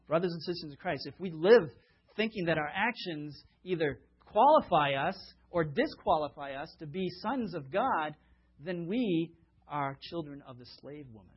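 A man's voice: a little high, husky. A man preaching a sermon in a conversational way, with fillers, stories and rhetorical questions, on a dull lo-fi recording. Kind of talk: sermon with storytelling.

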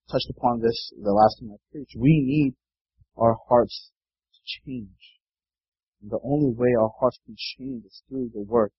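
A man's voice: mid-range voice, breathy edge, no echo, dull audio. A man preaching a sermon in an earnest way, often repeating words and checking in with the listeners.

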